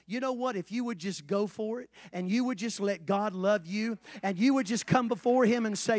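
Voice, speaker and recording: A pastor with a strikingly high voice preaches to his church, rising to shouts and then dropping to hushed asides. He keeps asking the room questions and calling for answers back. The sound is close and dry, with almost no room echo. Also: expressive, fairly quick, hardly any pauses. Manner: swings from shouted exhortation to soft, low asides; asks the congregation questions, calls for responses. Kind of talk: sermon. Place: church sanctuary.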